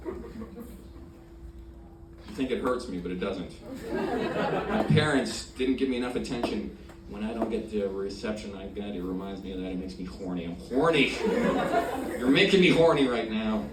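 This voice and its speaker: A man's voice: lowish voice, lively intonation, normal speed. Brash crude stand-up comedian man. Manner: brash, crude, swings from loud punchlines to mumbled asides. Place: comedy club stage with laughing audience. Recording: roomy club sound from far off, loud crowd noise.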